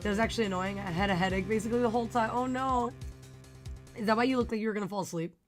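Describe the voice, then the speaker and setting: A young woman streaming a game, chatting casually with her viewers, her voice worn and a little raspy. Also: medium pitch, rapid-fire, faint music behind. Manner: chatty, giggly, talks to chat. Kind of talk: casual live-stream chat.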